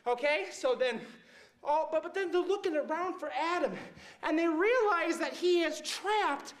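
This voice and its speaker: A man doing Chazz, a high, slow, rambling storyteller. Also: full character voice. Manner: rambling, excitable, fills with "right?" and "okay?". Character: rambling, mixed-up male storyteller retelling Bible stories to kids. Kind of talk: comic Bible story monologue.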